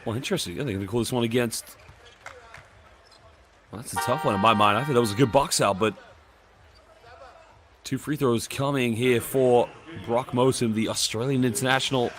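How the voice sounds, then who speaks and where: A man's voice: medium pitch, noisy background. English-speaking man calling live basketball. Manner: brisk play-by-play, reads viewer chat aloud. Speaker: play-by-play commentator.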